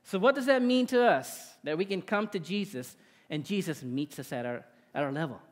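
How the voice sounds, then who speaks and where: A man's voice: sits high, lively intonation, moderate pace, long reverb tail. A male pastor preaching a sermon in a conversational way, often checking in with "right?". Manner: conversational, with tag questions.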